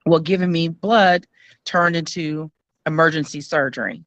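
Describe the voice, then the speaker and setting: Bright-voiced woman telling her story. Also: low voice, no room sound. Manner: earnest, frank, many "um" pauses. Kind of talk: candid personal storytelling.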